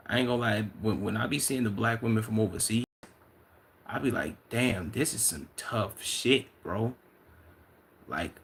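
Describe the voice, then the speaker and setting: A young man from Chicago, a livestreamer reading out and answering chat in loose, profane, excitable banter. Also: mid-range voice, gravelly, a little hiss or hum.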